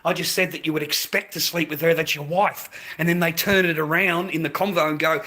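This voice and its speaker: Australian man, livestream rant, crude and profane, forceful bright voice, fairly high pitch. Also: steady tone, a little fast, hardly any pauses. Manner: crude, ranting, keeps saying mate.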